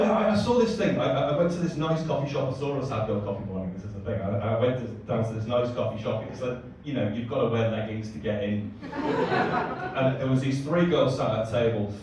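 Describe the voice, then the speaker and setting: A man's voice: mid-range voice, a little fast, background noise. A man in his thirties performing a chatty, self-mocking stand-up comedy set in a live comedy club. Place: comedy club stage before a live audience. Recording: echoey live room, distant mic, crowd laughter.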